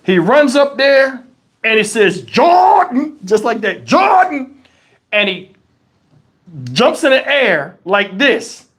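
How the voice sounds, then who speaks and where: A man's voice: sits high, takes it slowly. A man hosting a live stream, telling a funny story in a casual, profane way and acting out the people in it. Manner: animated, profane, acts out voices. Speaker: channel host.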